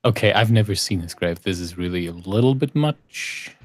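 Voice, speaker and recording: A man's voice: low-pitched, animated, normal speed. A man from Germany, chatting casually as a podcast guest with dry, teasing humor. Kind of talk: casual chat.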